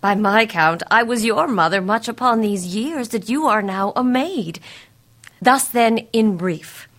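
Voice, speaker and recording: A woman's voice: a little high, animated, a bit bright. An actress playing a formal noble mother who presses her daughter to marry, in a Shakespeare reading. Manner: measured and formal.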